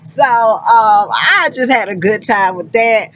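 A woman's voice: on the high side, expressive, slow, a bit bright, dull audio. A woman truck driver and recruiter talking casually to her viewers, effusive and folksy, calling them honey and child. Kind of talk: casual vlog talk to viewers.

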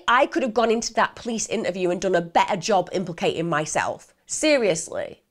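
A woman telling a true crime case in a chatty way, talking directly to her viewers. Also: medium pitch.

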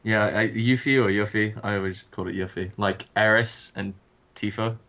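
A man's voice: on the low side, steady tone, normal speed, sharp tone. A young man co-hosting an online gaming chat, bantering and teasing the others. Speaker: co-host. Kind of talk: casual chat.

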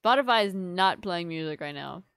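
A woman's voice: fairly low pitch, animated, moderate pace, a bit bright, smooth, no echo. Rambling apologetic young woman streamer. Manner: rambling, apologetic, filler-heavy. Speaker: livestreamer. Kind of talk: casual live-stream chat to viewers.

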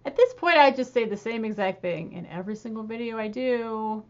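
Excitable woman gushing over a song. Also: fairly high pitch, fairly quick, muffled recording. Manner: excitable fangirl gushing, laughing. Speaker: music reaction host. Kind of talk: casual reaction commentary.

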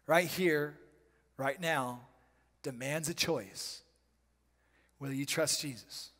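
A man preaching a charismatic sermon in a church, breaking into loud bursts and dropping into quiet, slangy asides. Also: fairly high pitch. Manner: preaching with sudden loud bursts and dramatic pauses. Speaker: pastor. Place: church sanctuary. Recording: reverberant church hall.

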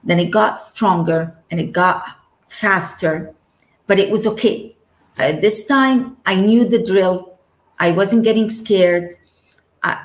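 A woman telling of her near-death experience as a guest, in an earnest way and acting out the words spoken to her. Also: medium pitch. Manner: earnest, slow storytelling that acts out remembered dialogue. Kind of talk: personal testimony. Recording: echoey room.

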